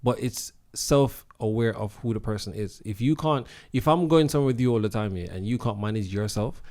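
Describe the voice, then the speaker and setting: A man's voice: fairly low pitch, brisk, darkish tone. Emphatic man guest on a podcast. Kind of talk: casual chat.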